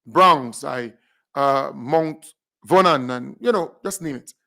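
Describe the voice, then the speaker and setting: A man with a Grenadian accent hosting a radio show, animated, repeating himself as he calls out names and thanks listeners. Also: medium pitch, takes it slowly, vocal fry. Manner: animated, repeats phrases, big up shout-outs. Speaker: radio host. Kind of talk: casual radio shout-outs.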